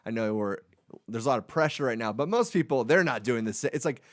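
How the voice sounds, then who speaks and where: A man's voice: medium pitch, expressive, brisk, no echo. A male podcast host with a mid-range voice talks in a reflective, rambling way. The recording is dry and close to the mic. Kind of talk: casual podcast chat.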